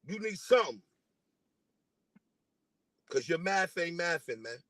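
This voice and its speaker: A man's voice: on the high side, sing-song, slow, sharp tone, no room sound. A man from New delivering a casual, profane diss rant at a rival, taunting and repeating himself.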